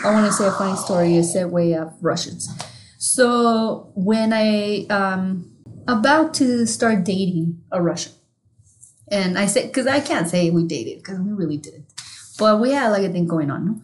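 A woman's voice: mid-range voice, animated, unhurried, low-quality recording. A woman co-hosting a podcast, telling a rambling, casual story full of fillers and restarts. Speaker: podcast co-host.

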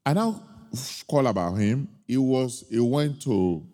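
A man preaching a sermon, telling a personal story with emphatic, drawn-out key points. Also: mid-range voice, lively intonation, dark tone. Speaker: pastor. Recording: long hall reverb.

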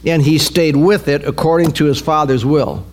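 Fervent man preaching with a higher voice. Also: fairly even intonation, moderate pace. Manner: emphatic, repeats key words, builds to fervent peaks. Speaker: pastor. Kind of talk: sermon.

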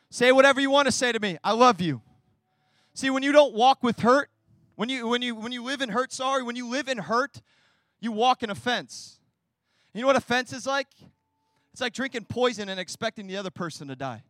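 A young man preaching a sermon as pastor, passionate, swinging from hushed asides to loud, ringing declarations. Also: very high voice, fairly quick, no room sound.

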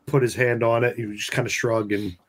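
A man's voice: medium pitch, fairly even intonation, brisk. Chill guy playing a tabletop game, mid voice, chatty. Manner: easygoing, chatty. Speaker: player. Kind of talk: casual tabletop play.

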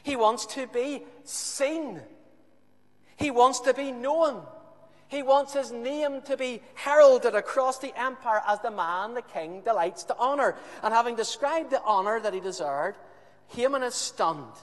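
A man delivers a sermon, telling a scripture story with emphatic, animated repetition. His voice sits high for a man. It rings out in an echoey hall. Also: a little slow. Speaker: preacher.

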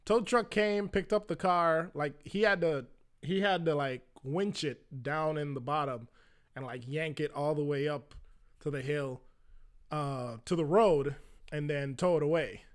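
Young male storyteller, slightly high voice, casual and chatty, fills gaps with filler words. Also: unhurried. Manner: conversational, lots of "like" fillers, acts out quoted voices.

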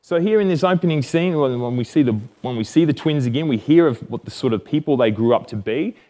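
A man's voice: medium pitch, fast talker, dark tone. A man with an Australian accent giving a casual, jokey Bible lesson, often correcting himself. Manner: chatty and jokey, self-correcting.

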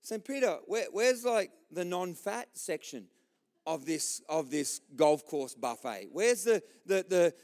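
A man's voice: sits high, expressive, measured pace, a little mellow, in a large hall. A man voicing a fussy husband who has just arrived in heaven and stammers out questions. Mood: puzzled. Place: church.

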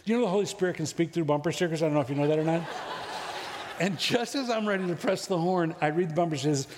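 A middle-aged pastor preaches in a church sanctuary, his fairly high voice trailing off into long hall reverb. He talks to the congregation in a storytelling way, with jokes along the way. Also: fast, background noise. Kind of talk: sermon.

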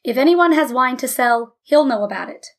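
Woman voicing a tired, gentle immigrant dad. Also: sits high, expressive, normal speed. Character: weary, gentle middle-aged immigrant father.

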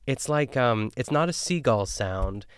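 A man's voice: mid-range voice, measured pace, clean tone, no room sound, clean studio sound. A man hosting a podcast, recapping a cooking show in casual, chatty talk full of fillers. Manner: chatty, filler-heavy, animated. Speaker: podcast host.

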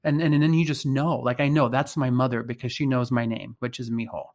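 A man speaks in a middle-pitched voice, thinking aloud about faith and identity. He pauses often and restarts his sentences as he searches for words. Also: flat delivery, darkish tone. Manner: thoughtful, hesitant, many fillers and restarts. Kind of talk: reflective faith conversation.

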